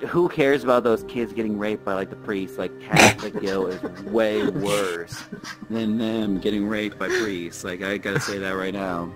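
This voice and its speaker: A young man from Washington state tells crude, animated comic stories in a voice chat and acts out his family in exaggerated voices. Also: on the low side, normal speed, loud music behind the voice, low-quality recording. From Washington state, USA. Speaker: storyteller. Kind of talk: profane comic storytelling in a voice chat.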